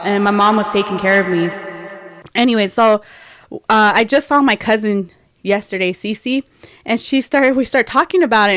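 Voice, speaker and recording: A young woman co-hosting a casual podcast, telling an animated story that often breaks into laughter. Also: mid-range voice, no room sound, clean studio sound. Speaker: podcast co-host. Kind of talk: casual chat.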